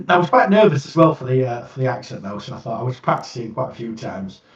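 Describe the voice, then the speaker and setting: A British man chatting casually as a player, soft-spoken and a bit hesitant. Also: medium pitch, sing-song, a little fast, distant mic. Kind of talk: casual chat. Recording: dull echoey room, off-mic.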